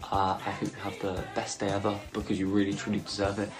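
Deep gravelly-voiced man, fond and joking. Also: monotone, fast talker, over music. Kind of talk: recorded birthday video message.

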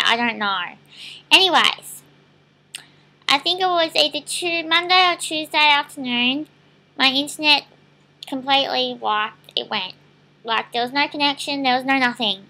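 A woman's voice: sits high, sharp tone. A young Australian woman vlogging a casual rant to camera, exasperated and swearing as she talks.

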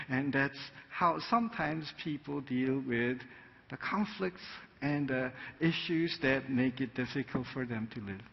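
A man's voice: mid-range voice, unhurried, creaky. A male pastor preaching a sermon in a conversational way, full of fillers like "you know," and he often acts out quoted voices. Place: church sanctuary. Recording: dull sound in a large reverberant church hall.

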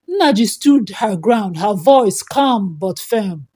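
A woman narrating a folktale in an expressive, dramatic storytelling style. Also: medium pitch, slow pace, few pauses, breathy edge.

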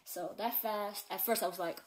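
A woman's voice: medium pitch, fairly even intonation, moderate pace. Teenage girl, personal testimony, casual, earnest, rambling with fillers, home bedroom, faint background hiss. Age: teens. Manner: earnest, rambling, full of "like" and repeats.

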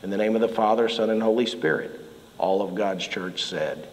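A middle-aged man preaching a sermon as pastor, telling animated stories and shouting out the lines he quotes. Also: on the low side, moderate pace, in a large hall, a little hiss or hum, low-quality recording. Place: church sanctuary.

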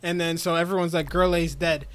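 A man with a slightly high voice talks through an anime episode for his podcast co-hosts. He tells it like a story and throws himself into the characters' lines, keeping it loose and conversational. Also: fairly even intonation, a little fast. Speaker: podcast co-host. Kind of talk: casual chat, recapping an anime episode.

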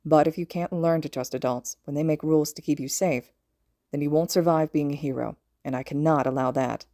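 Woman reading a tired gruff teacher guy, low and quiet, mellow dark tone, fan audiobook. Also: steady tone, fairly quick, dry recording, clean studio sound. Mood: gentle, serious. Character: weary, gruff adult male teacher.

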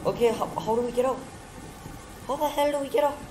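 A male gaming host giving casual gameplay commentary, excitable, yelping high and repeating himself. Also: fast, a little hiss or hum. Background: game music playing under the voice.

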